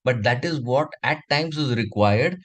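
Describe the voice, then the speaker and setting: A man's voice: mid-range voice, rough recording. Man telling a moral story to kids. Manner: animated storytelling with drawn-out pauses. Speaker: teacher telling a story to children. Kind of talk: storytelling for a kids' class.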